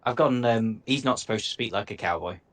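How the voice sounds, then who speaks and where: A man's voice: lowish voice, a little fast. A man narrating a tabletop game as game master, casual and easygoing.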